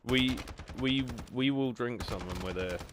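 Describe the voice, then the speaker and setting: A man's voice: medium pitch, unhurried, noisy background. A young man hosting a gaming video, chatting casually and self-deprecatingly with lots of ums. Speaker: gaming channel host. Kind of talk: casual gameplay chat.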